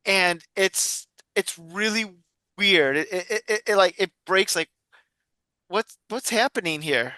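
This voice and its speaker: A man's voice: sits high, expressive, slow pace, sharp tone, dry recording. A man co-hosting a casual film podcast, rambling through stories with restarts and fillers. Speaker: podcast co-host. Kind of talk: casual chat.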